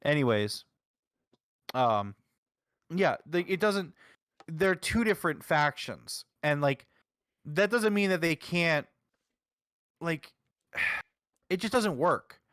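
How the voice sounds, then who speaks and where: A man's voice: on the high side, lively intonation, slow pace, long pauses, fairly bright tone, no room sound, clean studio sound. Emphatic, argumentative man co-host. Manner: emphatic, argumentative, heavy use of "like". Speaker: podcast co-host. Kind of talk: casual wrestling review chat.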